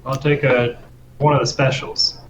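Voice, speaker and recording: A man's voice: medium pitch, level tone, unhurried. A man playing a tabletop game, talking in a hesitant, stammering way. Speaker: player. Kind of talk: casual tabletop play. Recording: dull noisy recording.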